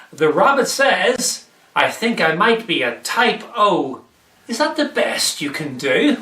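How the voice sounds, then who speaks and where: A man's voice: high-pitched, very animated, slow pace, pushed and bright, far from the mic. A man presenting a comic church devotional video, telling jokes and answering himself as a weary skeptic. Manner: plays both joke-teller and weary skeptic. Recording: echoey room, off mic.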